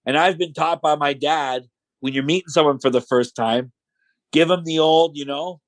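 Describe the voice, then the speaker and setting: A man's voice: on the high side, moderate pace, dry recording, low-quality recording. A man, a podcast guest, telling stories casually and animatedly, acting out the quotes. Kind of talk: casual storytelling.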